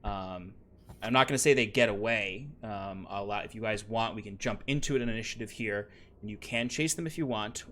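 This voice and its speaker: A man running a tabletop game as game master, talking in an easygoing, halting way with many fillers and restarts. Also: lowish voice, a bit bright, a little hiss or hum.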